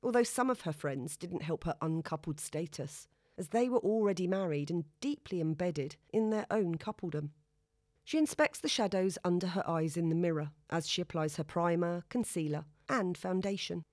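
Reading from a script, an audiobook narrator tells a novel's story in a wry, steady manner. She has a fairly low pitch and normal speed, recorded at studio quality with no room sound.

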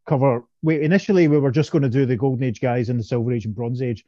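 A man chats casually as a podcast co-host, laughing often and restarting his sentences. His voice is warm and mellow. The sound is dry and dull, a little lo-fi. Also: medium pitch, quick pace, dry recording. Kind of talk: casual chat.

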